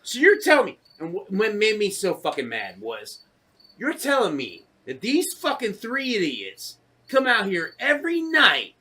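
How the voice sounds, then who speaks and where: A man co-hosting a casual podcast rants through his stories with plenty of swearing. His voice swings widely up and down as he talks. It has a bright, forceful edge. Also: high voice, huge pitch swings, normal speed, husky. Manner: profane, ranting storyteller. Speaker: podcast co-host. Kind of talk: casual chat.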